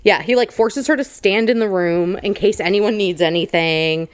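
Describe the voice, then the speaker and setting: A woman's voice: mid-range voice, moderate pace, no room sound, clean studio sound. A woman co-hosting a casual book-club podcast, summarizing a novel with fillers and blunt crude jokes. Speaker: podcast co-host.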